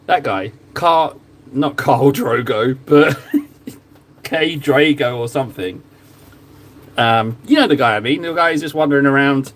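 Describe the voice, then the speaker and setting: A man's voice: mid-range voice, measured pace, a bit bright. A young man chatting casually while painting miniatures, rambling and laughing at himself, in a small cupboard room.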